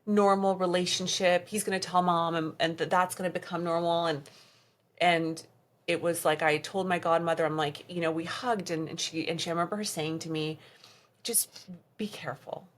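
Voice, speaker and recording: A woman with a low, deep-set voice recounts a painful chapter of her life as a podcast guest. She talks in a conversational way, acting out what others said, and at hard moments her voice sinks to a hushed near-whisper. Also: fairly even intonation, fairly quick. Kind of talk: emotional personal storytelling.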